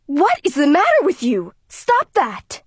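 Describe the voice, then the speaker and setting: A woman's voice: sits high, sing-song, brisk, no room sound, voice pushed up. A woman voicing a worried mother who scolds and pleads. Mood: alarmed. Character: anxious mother, controlling and shrill when upset.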